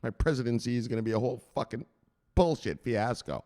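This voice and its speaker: A man's voice: mid-range voice, quick pace, warm tone, lightly acted. A man putting on the voice of a frightened male wartime president who swears and whines in a frantic rush. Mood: panicked.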